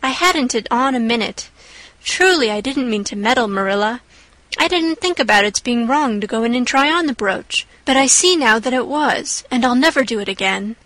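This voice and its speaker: A woman's voice: on the high side, animated, moderate pace, a bit bright, no room sound, poor audio. A woman reading the part of an imaginative, talkative young girl who pleads earnestly. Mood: earnest pleading.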